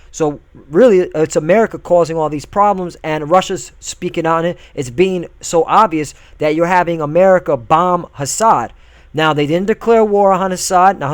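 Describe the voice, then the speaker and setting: Man, commentator, preachy and combative, slightly high voice, dry close mic, lots of "all right?" checks. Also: dry recording. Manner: reads scripture and news aloud. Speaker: video commentator. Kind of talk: religious political commentary.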